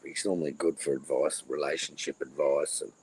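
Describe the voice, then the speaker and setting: A man's voice: a bass voice, steady tone, fairly quick, darkish tone, slight background noise, poor audio. A middle-aged man hosting a casual livestream, rambling crudely and repeating his phrases. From Australia. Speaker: livestream host.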